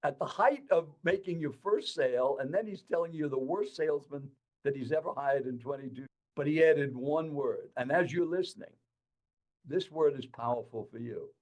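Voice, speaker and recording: A man's voice: a little high, moderate pace, rough recording. An older man, a professional speaker, telling a story from his own life as a podcast guest and speaking straight to the listener. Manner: animated storyteller who addresses the listener directly. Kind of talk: storytelling in conversation.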